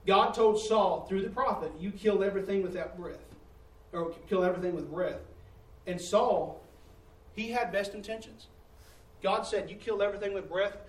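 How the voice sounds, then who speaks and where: A man preaching a sermon with a high voice, caught from some distance in a reverberant church hall. He tells stories in a confessional way and swings between hushed and loud, exasperated passages. Faint room ambience sits behind him. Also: normal speed.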